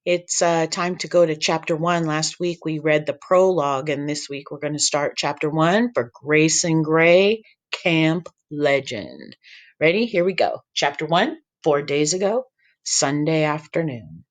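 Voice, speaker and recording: Guy reading a chapter book out loud to kids, lively voices for the characters. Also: a little high, measured pace. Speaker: teacher reading aloud to children. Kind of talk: chapter-book read-aloud.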